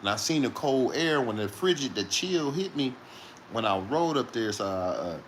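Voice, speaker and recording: A man's voice: mid-range voice, sing-song, normal speed, slight background noise. Profane, laughing man telling road stories. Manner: profane, rambling, laughing between lines. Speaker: truck driver telling a story. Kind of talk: casual storytelling.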